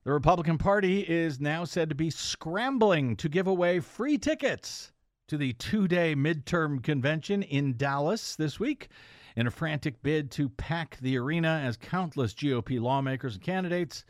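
A man hosting an opinionated political news commentary show, sarcastic and halting, with frequent "uh" fillers. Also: fairly high pitch, lively intonation, no room sound, clean studio sound.

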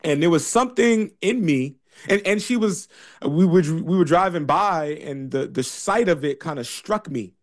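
A man with a somewhat high voice speaks in a rambling monologue. He often trails off into fillers, then gathers force through repeated, pointed questions. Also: lively intonation, moderate pace. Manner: hesitant, many fillers, building to emphatic repetition. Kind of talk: casual monologue.

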